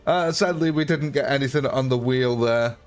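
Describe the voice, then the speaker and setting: A man hosting a gaming livestream, chatting casually with viewers and chuckling often. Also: mid-range voice. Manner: chatty, chuckling, answers chat. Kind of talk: casual live-stream chat.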